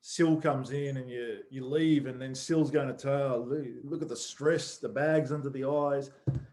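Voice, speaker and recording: A man's voice: mid-range voice, fairly even intonation, a little slow, darkish tone. A man interviewing a guest, mostly giving short agreeing replies and sometimes asking a longer question.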